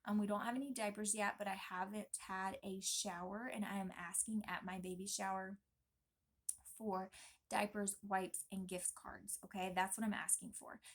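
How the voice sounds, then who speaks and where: A young woman vlogging casually, talking in an emphatic, chatty and animated way. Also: medium pitch, normal speed. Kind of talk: casual pregnancy vlog talk.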